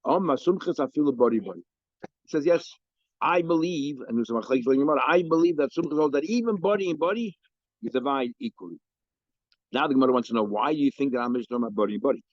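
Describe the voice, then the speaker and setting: A man's voice: mid-range voice, fast, no room sound, dull audio. A man teaching a Talmud lesson, explaining cases with frequent restarts and Hebrew and Aramaic terms.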